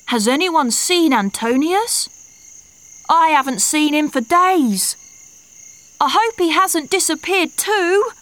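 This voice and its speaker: A woman's voice: high voice, expressive, slow pace, fairly bright tone, no echo, voice pushed up, full character voice. A woman voicing worried young gladiator boys in a storybook, asking anxious questions.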